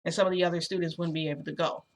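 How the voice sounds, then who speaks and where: A woman's voice: on the low side, steady tone, rapid-fire, close to an everyday voice. A woman voicing a chatty, cheerful male school principal who talks on insistently, in a casual storytime retelling. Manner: talkative, jovial, insistent.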